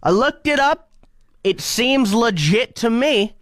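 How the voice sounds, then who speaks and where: Animated teasing podcast co-host. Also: medium pitch, takes it slowly, dry recording, studio quality. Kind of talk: casual chat.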